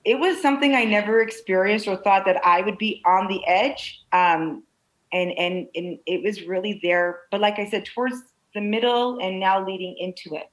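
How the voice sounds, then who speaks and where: A woman answers interview questions in an open, animated way, tumbling through stories with frequent restarts. Her pitch sits mid-range, neither high nor low. She talks like a real estate broker-owner speaking from a video call. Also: normal speed, rough recording. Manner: animated, candid storytelling with many restarts.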